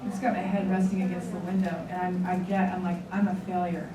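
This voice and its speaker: A woman's voice: lowish voice, flat delivery, quick pace, a crowd in the background. Earnest woman telling her story to a room. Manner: candid, earnest storytelling with quoted dialogue. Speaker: seminar leader. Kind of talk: personal story told to a seminar room. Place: large room with an audience. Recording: echoey room from far off, audience noise. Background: audience murmur.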